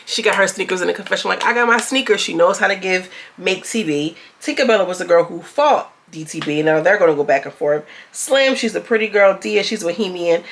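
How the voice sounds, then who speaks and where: A woman's voice: fairly low pitch, expressive, brisk, slight background noise. A young woman chatting casually as she recaps a reality TV episode, candid and swearing freely, acting out lines from the cast.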